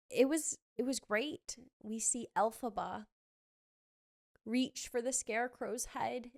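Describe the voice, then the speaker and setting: Gushing woman podcast host, smooth and bright. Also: fairly high pitch. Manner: gushing, excitable, quick asides. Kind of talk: casual chat recapping a trailer.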